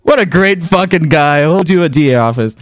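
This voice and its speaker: A young man hosting a live stream, chatting casually and excitably, swearing and laughing often. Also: on the high side, a little fast, no room sound, clean studio sound. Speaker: streamer host.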